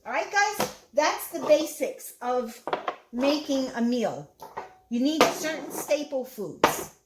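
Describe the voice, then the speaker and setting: Woman, Brooklyn accent, casual cooking vlog, rambling with fillers, slightly high voice. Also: big pitch swings, slow pace, very noisy. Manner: chatty, rambling, repeats herself with fillers. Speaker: cooking vlogger.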